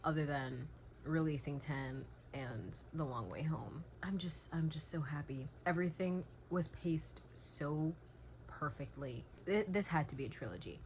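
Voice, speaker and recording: A woman's voice: low voice, unhurried, a little mellow, slight background noise, poor audio. A young woman talking casually to her phone at home at night, worn out and teary, gushing emotionally about a book and swearing freely. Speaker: book vlogger. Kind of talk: casual vlog chat.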